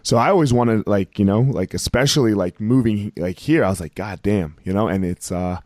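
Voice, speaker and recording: A man's voice: fairly low pitch, fairly quick, a little mellow, dry recording, studio quality. Blunt, rambling man on a podcast. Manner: rambling, profane, full of "like" fillers. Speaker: podcast guest. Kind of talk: casual podcast conversation.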